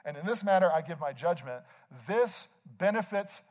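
A man preaching a sermon as a pastor, conversational and animated, with frequent rhetorical asides. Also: high voice, moderate pace.

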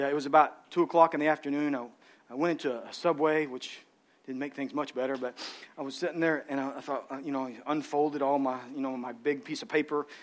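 A pastor preaching a sermon with passion, repeating words and moving between loud emphasis and quiet storytelling, with speech. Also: male voice, on the high side.

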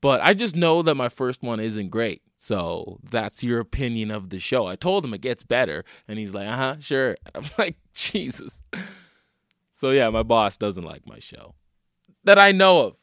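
Speaking at a normal speed with hardly any pauses, a comedian with a lowish voice runs his casual solo podcast. He delivers wry stories full of swearing and animatedly acts out the people he met, in studio-quality audio free of room sound.

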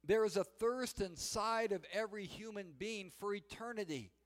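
A man preaching a sermon, telling the story in an animated way and shouting the quoted cries. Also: high voice, normal speed. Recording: long hall reverb.

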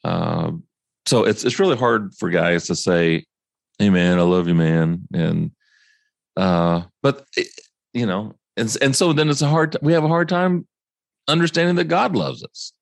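A man's voice: medium pitch, lively intonation, a little slow, gravelly, no room sound. A man hosting a podcast in casual chat, thoughtful and asking probing questions. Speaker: podcast host.

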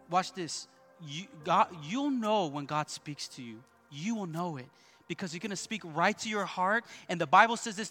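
A man's voice: on the high side, moderate pace, pushed and bright, faint music behind. A male pastor preaching a sermon at a church service, emphatic, repeating key points and calling out to the congregation.

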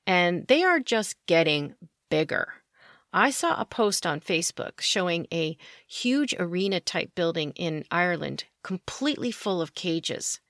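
A woman's voice: lowish voice, fairly bright tone, no room sound, studio quality. A woman hosting her own podcast, delivering opinionated commentary with indignant, sarcastic asides and emphatic outbursts. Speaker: podcast host.

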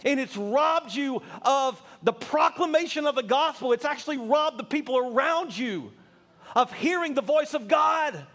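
A man preaching a sermon to his church, earnest and building from quiet asides to fervent appeals. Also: extremely high pitch, expressive, normal speed. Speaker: pastor.

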